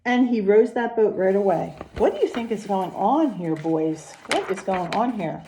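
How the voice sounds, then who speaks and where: A woman preschool teacher leading a recorded lesson and read-aloud, gentle and sing-song, asking the children questions. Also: medium pitch, expressive, moderate pace, slight background noise.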